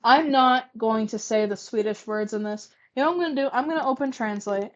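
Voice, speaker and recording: A woman's voice: a little high, brisk. Stuttering woman reading aloud. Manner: self-correcting, cringing asides. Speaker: reader of old fan fiction. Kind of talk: casual read-aloud commentary. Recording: muffled lo-fi recording.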